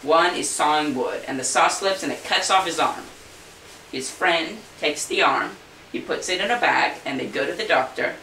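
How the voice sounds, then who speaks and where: Gravelly, bright-voiced balloon man telling jokes. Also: a little high, moderate pace. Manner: folksy, chatty, slips into funny voices for characters. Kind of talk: casual joke telling to camera. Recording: roomy echo, far from mic, faint hiss.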